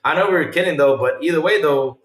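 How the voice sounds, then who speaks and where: A man hosting a casual podcast chat, telling stories in an animated way that swings from loud to quiet. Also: a little high, fast. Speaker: podcast host. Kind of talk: casual chat with a live chat audience. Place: home room. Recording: roomy sound from a distance off the mic.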